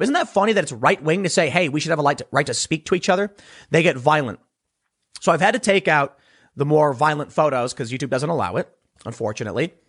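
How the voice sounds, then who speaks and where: In a fairly high, slightly rough voice, a male political commentator delivers a sarcastic opinion monologue straight to his audience. He is animated and mocks how other people talk.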